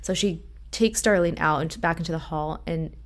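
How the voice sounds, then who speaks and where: A woman with a slightly low voice chats through a TV episode recap. She retells the scenes in a lively, animated way, acting out bits of dialogue as she goes. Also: normal speed. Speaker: podcast co-host. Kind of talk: casual TV recap chat.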